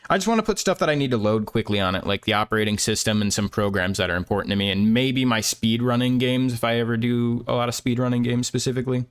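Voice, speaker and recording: A man's voice: mid-range voice, fast talker, few pauses, clean tone. A young man chatting casually on a stream while drawing, rambling with lots of fillers and laughing at himself.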